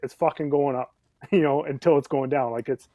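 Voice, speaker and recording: A man's voice: mid-range voice, fairly even intonation, moderate pace, dark tone, dry recording, lo-fi sound. A man on a podcast giving his view bluntly, swearing and checking that the others agree. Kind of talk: casual podcast discussion.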